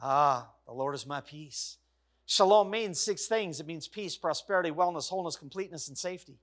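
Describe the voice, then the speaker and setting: A middle-aged man preaching a sermon as pastor, in an emphatic, repetitive cadence that swings from loud exclamations to hushed, soft passages. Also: on the high side, fairly quick.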